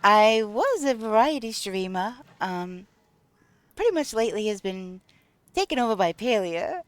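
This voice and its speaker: Slow-talking woman game streamer. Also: mid-range voice, very animated, dry recording. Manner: chatty, thanks viewers, narrates her gameplay with many ums. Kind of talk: casual live-stream chat while playing.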